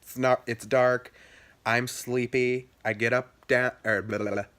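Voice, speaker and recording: Speaking at a measured pace, a young vlogger animatedly recounts something from his childhood in casual chat. Quotes come out in squeaky high voices, while asides sink low.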